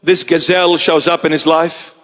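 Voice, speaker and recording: In this sermon, a man preaching as a bishop uses a fairly high, slightly bright voice with little pitch movement and a moderate pace. He tells stories and acts out the voices of those in them, with long hall reverb around him.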